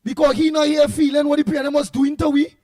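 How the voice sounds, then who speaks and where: A man with a Trinidadian accent hosting a call-in talk show, reading out listener comments in an animated way and bursting into shouts. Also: extremely high pitch, fast talker, dry recording. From Trinidad and Tobago. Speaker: radio talk show host.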